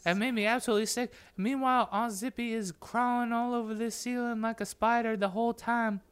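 A man's voice: very high voice, steady tone, a little fast, clean tone, pitched above the performer's own voice. A man playing a panicked woman caller leaving a hysterical, profane voicemail. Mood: frantic. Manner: shouting, hysterical, profane rant.

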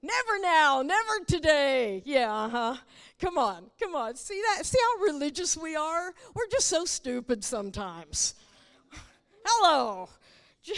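Woman preacher, high voice, playful and teasing, sermon, church hall with long reverb. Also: big pitch swings, unhurried, fairly bright tone. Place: church sanctuary.

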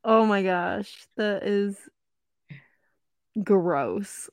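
A young woman co-hosting a podcast, reacting to the story with exclamations and quick asides. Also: mid-range voice, no room sound. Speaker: podcast co-host. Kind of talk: casual chat reacting.

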